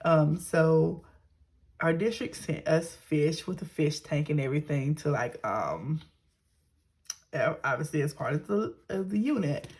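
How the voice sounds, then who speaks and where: A woman's voice: deep voice, expressive, unhurried, darkish tone, slightly rough. A young woman telling a rambling story to viewers in a casual, chatty way, correcting herself and swearing now and then. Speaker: teacher and budgeting vlogger.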